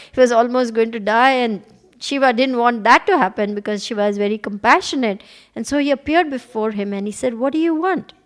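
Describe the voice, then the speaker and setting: A woman giving a devotional talk as a spiritual teacher, telling stories animatedly and laughing along. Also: a little high.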